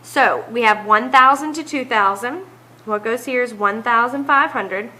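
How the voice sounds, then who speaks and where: A woman teacher talks through math homework at an unhurried pace, counting down numbers aloud as she works each problem. Her voice sits a little high and sounds bright and clear. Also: low-quality recording.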